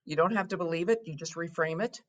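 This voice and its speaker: Middle-aged woman coaching on a podcast, lowish voice, calm step-by-step explaining. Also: quick pace, highs cut off. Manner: explanatory, steady teaching tone. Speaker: guest, financial therapist and wealth coach. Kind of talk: podcast interview.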